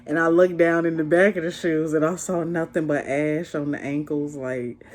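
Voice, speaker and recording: A young woman vlogger casually recounting a date in an animated, slangy way, laughing as she tells it. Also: sits low, normal speed. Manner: animated, slangy, laughs while telling the story. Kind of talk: casual storytime chat.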